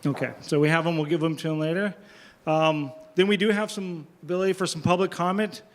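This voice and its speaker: Man running a council meeting, somewhat high voice, halting delivery full of "uh"s. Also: steady tone. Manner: hesitant, many fillers. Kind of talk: chairing a public meeting. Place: council chamber.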